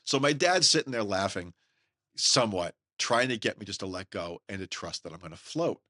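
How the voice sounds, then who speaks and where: A middle-aged man hosting a podcast, talking in an emphatic, folksy, opinionated way and mimicking others in quick asides. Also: fairly low pitch, lively intonation, bright, forceful tone, no room sound, clean studio sound. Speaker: podcast host. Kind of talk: opinionated solo podcast talk.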